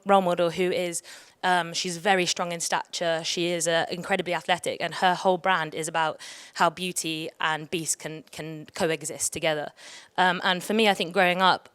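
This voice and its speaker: A woman's voice: lowish voice, fairly bright tone, clear, resonant tone, no room sound. A young woman speaking on a conference panel, chatty and emotional, often laughing. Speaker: panelist, athlete. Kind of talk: panel discussion.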